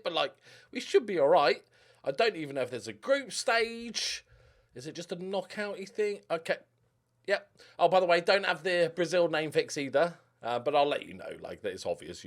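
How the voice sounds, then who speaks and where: A young man commentating casually over a football management game, rambling and muttering to himself. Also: fairly high pitch. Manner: rambling, mutters to himself, lively ups and downs. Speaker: gaming YouTuber.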